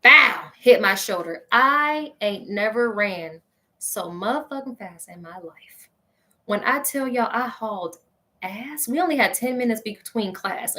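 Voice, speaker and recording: A woman hosting a show, telling a funny personal story in an animated, exclaiming way, talking straight to her listeners. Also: mid-range voice. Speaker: host.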